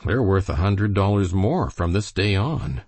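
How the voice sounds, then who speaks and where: A man's voice: deep voice, lively intonation, measured pace, darkish tone, dry recording, heavily acted. A man voicing a folksy, sly horse trader with a rustic drawl in a storybook reading.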